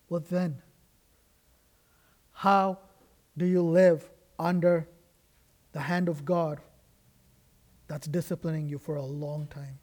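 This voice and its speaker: A man's voice: high-pitched, darkish tone. A man preaching a sermon as a guest pastor in a church, earnest and emphatic, with frequent restarts. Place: church sanctuary.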